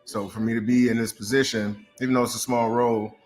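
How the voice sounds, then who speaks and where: A man's voice: medium pitch, fast, faint music behind. Chatty man hosting a watch party. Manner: relaxed, chatty, addresses viewers as y'all. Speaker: host of a watch party stream. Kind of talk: casual chat with viewers.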